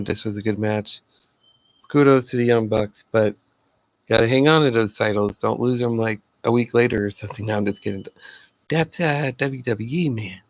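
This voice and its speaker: A man's voice: mid-range voice, no room sound, highs cut off. A man giving a casual solo review of a wrestling show, chatty and laughing at his own jokes.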